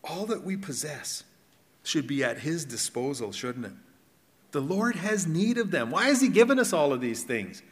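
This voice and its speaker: A middle-aged man preaching a sermon in a conversational way, asking the congregation questions and swinging between loud and hushed. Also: on the high side, sing-song, normal speed, in a large hall. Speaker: pastor. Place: church hall.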